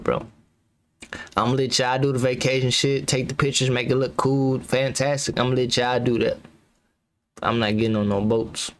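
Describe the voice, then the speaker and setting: A man's voice: mid-range voice, clear, resonant tone. A young man giving rambling, slangy reaction commentary as a YouTuber, laughing nervously between remarks.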